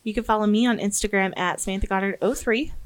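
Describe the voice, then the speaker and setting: A woman's voice: medium pitch, steady tone, fast talker. An American woman co-hosting a podcast in casual chat, laughing often and stumbling when she reads aloud. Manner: giggly, stumbles while reading aloud. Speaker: podcast co-host.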